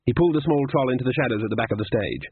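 A man's voice: mid-range voice, lively intonation, racing, breathy edge, dry recording. A man narrating an audiobook in a dry, comic storytelling manner. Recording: tinny lo-fi narrow sound.

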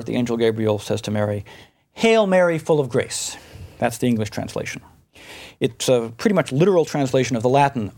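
A man's voice: mid-range voice, gravelly, darkish tone. A middle-aged man giving a recorded lecture, explaining step by step with rhetorical questions and frequent checks like "right?".

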